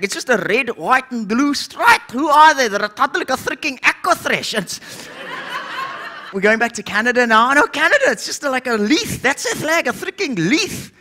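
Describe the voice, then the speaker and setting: A man voicing a brash, cheeky male puppet in ventriloquist stand-up comedy, loud and mocking, swearing and shouting the punchlines. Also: extremely high pitch, a little hiss or hum, full character voice.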